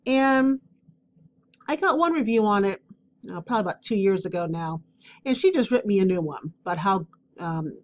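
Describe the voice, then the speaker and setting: A woman's voice: mid-range voice, a little mellow, highs cut off, a little hiss or hum. A woman hosting her own spiritual advice podcast, talking candidly and rambling with fillers, with a cough drop in her mouth. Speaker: podcast host. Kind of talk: casual solo podcast talk.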